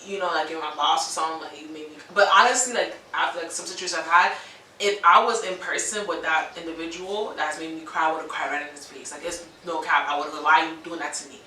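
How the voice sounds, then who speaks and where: A woman's voice: sits low, fast, pushed and bright, a little hiss or hum. A woman in her twenties co-hosting a casual chat, reasoning her thoughts aloud with slang. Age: 20s. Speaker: co-host. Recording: roomy echo from far off.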